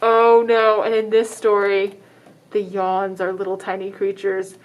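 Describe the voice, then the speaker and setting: A woman librarian reading a picture book aloud to children, dramatic in the exciting parts and stopping to ask the listeners questions. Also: medium pitch, measured pace, lo-fi sound. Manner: expressive, dramatic exclamations, asks children questions.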